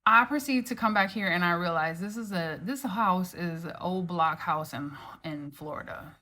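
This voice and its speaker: A woman telling a personal story to camera from her home, in an animated, casual way, full of "like" and "right?" and the odd swear word. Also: on the low side, moderate pace.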